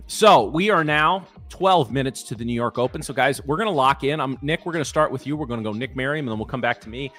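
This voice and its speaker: A man's voice: medium pitch, lively intonation, quick pace, fairly bright tone, soft background music. A man from the American Midwest hosting a casual live trading stream and running a giveaway. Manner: chatty, hosts the giveaway. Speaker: co-host.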